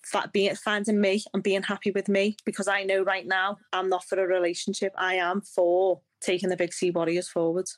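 A woman's voice: mid-range voice, completely flat delivery, a little fast, hardly any pauses. A woman, a guest in a casual interview, talking in an upbeat, chatty way and laughing often. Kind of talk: casual chat.

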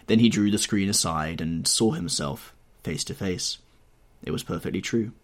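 A man reading a classic novel aloud as an audiobook narrator, in an expressive, measured storytelling manner. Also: low-pitched. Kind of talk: scripted narration.

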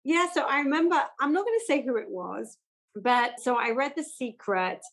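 A woman's voice: sits high, moderate pace, low-quality recording. Woman telling stories animatedly. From England. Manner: animated storytelling, acts out quoted voices. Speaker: guest, entrepreneur and investor. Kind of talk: casual interview chat.

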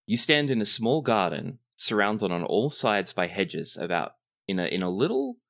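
Deep-voiced man narrating as game master. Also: sing-song, creaky, a bit bright. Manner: descriptive, measured scene-setting.

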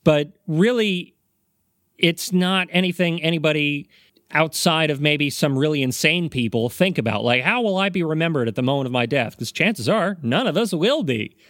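A man's voice: a little high, expressive, moderate pace, a bit bright, no room sound, studio quality. A man hosting a casual comedy podcast, explaining his topic with rambling, self-aware asides and a wry tone. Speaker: podcast host presenting the topic.

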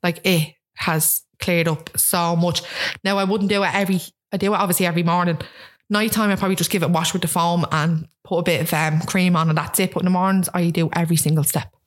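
This woman, roughly thirty, talks fast in a lowish voice. She's a guest in a casual, lively chat, frequently performing what others said.

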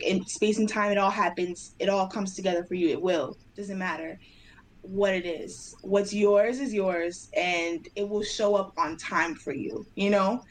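A young woman dancer and choreographer telling stories in a casual interview, animated and acting out her own past dialogue in excited voices. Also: medium pitch, slight background noise, rough recording. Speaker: dancer and choreographer, podcast guest.

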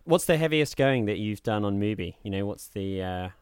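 Animated and lowish in pitch, a man co-hosts a podcast at a moderate pace, with no room sound. He rambles through a casual chat full of fillers, at times slipping into a soft, smooth put-on voice.

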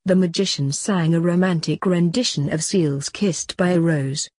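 Female author-host narrating her story; low, breathy, dry. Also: normal speed, a little mellow, no echo. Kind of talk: story reading.

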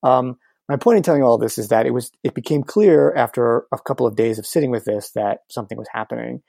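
A speaker reflecting slowly in a casual conversation, with many fillers and pauses while searching for words. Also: mid-range voice, creaky, dark tone, dry recording.

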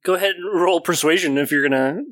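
A man's voice: a little high, quick pace, fairly bright tone, no room sound. A man narrating a tabletop game as game master, with crude joking banter.

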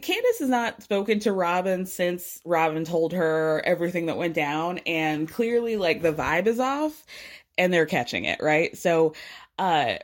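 A woman giving a casual, opinionated recap of a reality TV episode, animated as she retells the drama. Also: on the low side. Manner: opinionated, animated retelling with frequent laughs and sighs.

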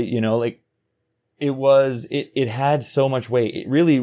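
A man in his own podcast, telling a confessional story straight to the mic. His talk is frank and full of swearing, and he slips into replays of his own inner thoughts. His pitch sits at an ordinary middle height for a man. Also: moderate pace, warm tone. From Alberta, Canada. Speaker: podcast host.

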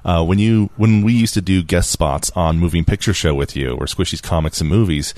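A man's voice: deep voice, brisk, darkish tone, no echo. A man hosting a podcast, chatting casually, laughing easily and reading out listener feedback. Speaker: podcast host.

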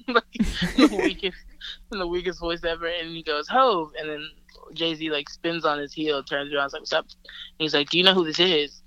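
Woman, from Alabama, rapper guest, animated storytelling, laughs a lot, bright tone, muffled phone line. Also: fairly low pitch, no echo. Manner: animated, laughs often, heavy filler words. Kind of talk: casual storytelling over a call. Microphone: phone call.

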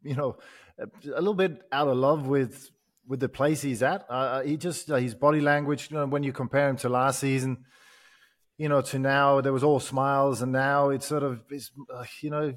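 A man's voice: mid-range voice, fairly even intonation, moderate pace. A male podcast guest with a mid-range voice, talking football. He feels his way through each point with lots of "you know" and restarts. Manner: hesitant, many "you know" fillers and restarts. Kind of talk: casual football podcast chat.

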